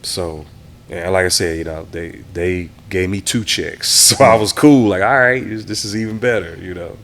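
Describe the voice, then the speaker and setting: A man from the Houston area with a very low voice sits for a casual interview. He reminisces in a relaxed, easygoing way and slips into quoting the people he talks about. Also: normal speed. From Houston area, Texas. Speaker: interview guest, DJ and producer.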